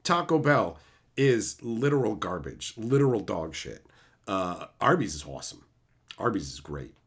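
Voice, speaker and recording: Man, livestream rant, foul-mouthed, loud bursts then low mutters, very lively pitch. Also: measured pace, husky. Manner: profane, ranting, swings from loud outbursts to low mutters. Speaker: streamer reading live chat.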